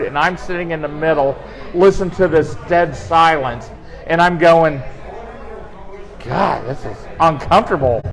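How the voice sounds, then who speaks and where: Man, casual storytelling, animated, quotes people, fairly high pitch. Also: poor audio. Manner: animated anecdote-telling with quoted dialogue and laughter. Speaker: guest storyteller on team talk show.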